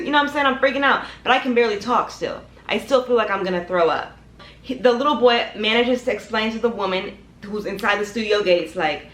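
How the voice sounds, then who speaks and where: A woman's voice: on the high side, a little fast. A young woman telling a dramatic personal story to her viewers, talking to them directly and acting out the scenes. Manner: animated, dramatic storytelling, addresses viewers as y'all. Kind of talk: storytime vlog. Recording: echoey room.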